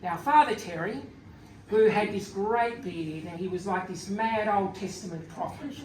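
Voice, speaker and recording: An Australian-raised man, an author, giving a wry, gently humorous speech full of anecdotes at a book launch. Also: high-pitched, unhurried. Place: event venue, indoors. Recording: echoey room from far off, faint noise.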